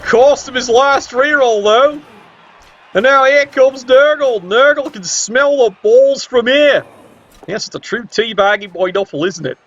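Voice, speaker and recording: A man commentating a game, sarcastic and excitable, swearing often. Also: very high-pitched, a little slow, dull audio. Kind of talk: tabletop video game commentary.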